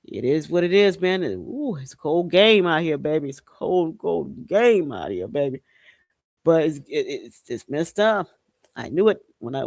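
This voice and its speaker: A man from Haiti hosts a casual commentary podcast, speaking in a slightly higher register than most men. His delivery is slangy and animated, punctuated by loud whooping exclamations. The recording is dry and close. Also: moderate pace, vocal fry, dry recording. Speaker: podcast host.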